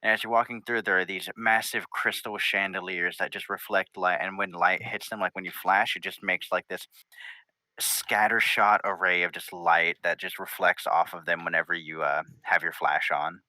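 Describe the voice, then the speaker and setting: A man's voice: low-pitched, fairly even intonation, normal speed, bright, forceful tone, no echo, poor audio. A man narrating a tabletop game as game master, rambling through scene description with many fillers.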